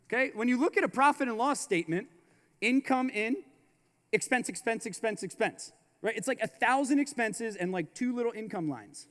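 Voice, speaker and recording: A man's voice: high voice, a bit bright. A man giving a motivational business keynote. He talks emphatically, repeats his slogans and drops slangy asides. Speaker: keynote speaker. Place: large conference hall. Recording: live hall with long reverb.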